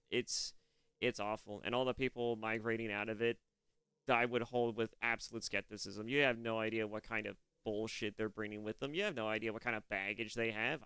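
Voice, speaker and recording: A man's voice: on the low side, fairly quick, bright, forceful tone, clean tone, dry recording. A young man from California giving casual, profane reaction commentary, rambling with restarts. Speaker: reaction streamer.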